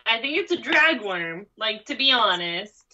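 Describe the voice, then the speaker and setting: A woman co-hosting a podcast in casual chat, joking loudly with frequent "like" fillers. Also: a little high, big pitch swings, measured pace. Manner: loud joking reactions, lots of "like". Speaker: co-host. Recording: dull lo-fi audio.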